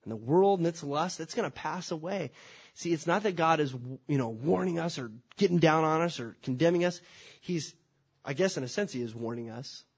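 Pastor, male, husky and a bit high-voiced, conversational preacher with rhetorical questions. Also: brisk. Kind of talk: sermon.

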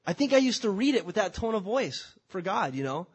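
Pastor, male, husky and a bit high-voiced, conversational preacher with rhetorical questions. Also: sing-song, fairly quick, hardly any pauses. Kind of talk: sermon.

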